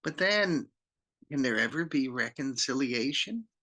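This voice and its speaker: A man, a pastor, telling a Bible story to children in an animated way, acting out the characters. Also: mid-range voice. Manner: animated, slow, acts out the characters.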